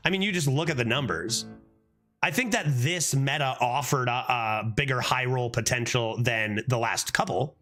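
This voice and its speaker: A man streaming a card game, chatting casually, swearing and breaking into laughing outbursts. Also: medium pitch. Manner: animated, swears often, frequent laughing outbursts. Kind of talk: casual gameplay commentary.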